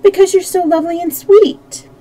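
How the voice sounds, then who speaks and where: A woman doing little Dorothy, a gentle girl. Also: extremely high pitch, steady tone, moderate pace, no echo, voice pushed up. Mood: gentle eager. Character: young girl Dorothy, kind and plain-spoken. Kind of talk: storybook read-aloud.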